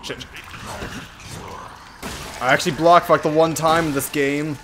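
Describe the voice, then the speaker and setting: A man's voice: fairly high pitch, steady tone, a little slow, slight background noise. Swearing young man playing a game. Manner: swears freely, thinks out loud while playing. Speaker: gaming channel co-host. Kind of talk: casual gameplay commentary.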